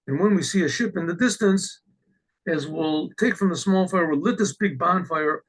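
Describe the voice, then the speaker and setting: A man with a high, gravelly voice tells a story, animated, acting out each character with lively exclamations. His tone is husky and rough-edged. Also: normal speed, rough recording. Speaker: rabbi telling a story. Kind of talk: storytelling talk.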